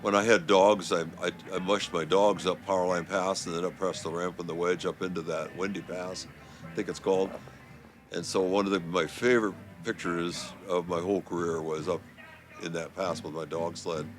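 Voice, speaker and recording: Very deep, flat-voiced man. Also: moderate pace, soft background music. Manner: reminiscing. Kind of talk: documentary interview.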